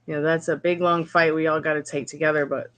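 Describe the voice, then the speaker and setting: A woman reading tarot on a live stream, chatting casually with viewers and rambling in halting, restarting sentences. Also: sits low, little pitch movement.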